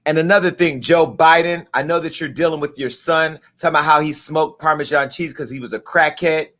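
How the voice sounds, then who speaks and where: A man's voice: on the high side, fairly even intonation, a little fast, fairly bright tone. A middle-aged man hosting a live show, delivering an angry, profane, emphatic rant. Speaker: host. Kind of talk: impassioned live-stream rant.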